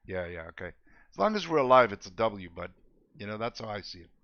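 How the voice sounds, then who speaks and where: Gravelly laid-back male game streamer. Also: on the low side, very animated, fast talker, a bit bright, no echo, muffled recording. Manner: laid-back, joking, laughs often, thanks chatters. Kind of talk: casual gameplay chat with viewers.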